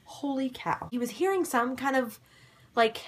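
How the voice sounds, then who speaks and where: A young woman casually recapping a TV episode to camera, animated and excitable, dropping into sudden dramatic whispers. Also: high voice, measured pace, breathy edge. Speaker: vlogger recapping a ghost-hunting show.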